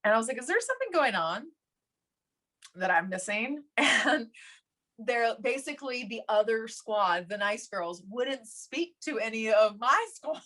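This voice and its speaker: Animated woman telling stories, laughing. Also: fairly high pitch, a little slow. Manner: animated, laughs often, acts out quoted voices. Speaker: podcast guest. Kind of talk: casual interview storytelling.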